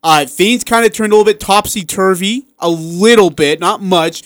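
A man co-hosting a sports radio show, talking in a casual, excitable way and acting out what people said. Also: high voice, moderate pace, dry recording, clean studio sound. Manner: excitable, animated storyteller who acts out quotes.

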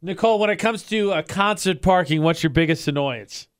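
A man's voice: fairly high pitch, fairly quick, clear, resonant tone, no echo, clean studio sound. A man co-hosting a radio show, upbeat and bantering as he takes calls from listeners. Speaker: radio co-host. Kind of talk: casual radio chat.

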